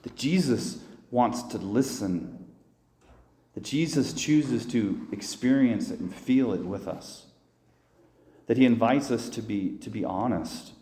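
A man's voice: mid-range voice, slow, mellow. A man, a priest, giving a sermon in a plain, conversational way, talking through the prayers he describes. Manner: earnest, conversational preaching with restarts and voiced inner prayers. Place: church. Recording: echoey church hall.

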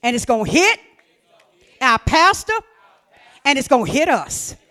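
High, lively preaching woman. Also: measured pace. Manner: fervent, repetitive, shouting preaching. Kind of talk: sermon.

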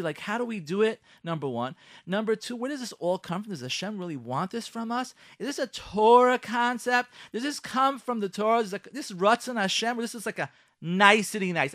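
A high-pitched man hosts a radio talk show, acting out household arguments in voices that swing up and down. His sound is dry and close, with no room around it. He drops Hebrew and Yiddish terms into his talk. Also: fairly quick, no echo. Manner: lively, acts out both sides of quarrels in shifting voices. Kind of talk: animated radio talk with acted scenarios.

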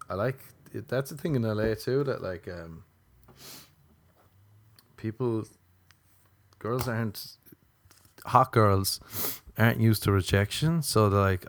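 A man's voice: lowish voice, unhurried, pauses often. A man in a casual monologue, ranting sardonically and swearing often.

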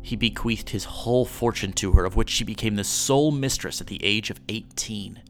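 A man hosting a podcast, reading an old newspaper story aloud in a measured storytelling way. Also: on the low side, a bit bright, faint music behind.

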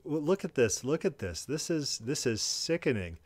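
A man's voice: medium pitch, very animated, slight background noise. A man giving reaction commentary in an indignant, emphatic way. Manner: indignant and emphatic, quick bursts.

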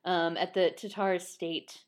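A podcast co-host chats casually and reads a ballet synopsis aloud, laughing a lot and tripping over unfamiliar names. Her voice is on the low side with little pitch movement, and she speaks slowly.

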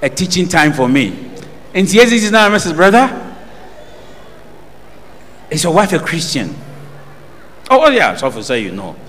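Animated Ghanaian preacher man. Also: fairly high pitch, normal speed, pauses often, big-room sound, a little hiss or hum. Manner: call-and-response preaching, asking the congregation questions. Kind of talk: sermon.

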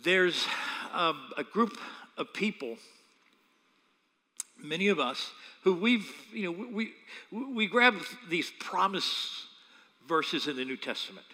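A man, a pastor, preaching a sermon with animated, humorous storytelling. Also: sits high, slow, long pauses, long reverb tail.

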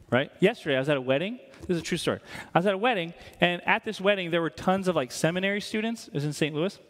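A man's voice: high voice, animated, very fast, fairly bright tone. A man preaching a sermon as a pastor. He talks in a casual, joking way and often checks in with "right?". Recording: long hall reverb.

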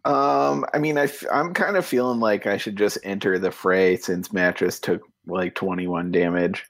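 Low-voiced man playing a tabletop game. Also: moderate pace, gravelly. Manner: hesitant, relaxed. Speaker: player.

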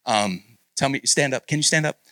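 A man's voice: mid-range voice, fairly quick, dry recording. A man preaching as a guest pastor at a youth retreat, then eagerly hyping up students as they share on a handheld mic. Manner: energetic, encouraging hype man. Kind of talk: sermon and leading audience sharing. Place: large meeting room with students. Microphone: handheld microphone.

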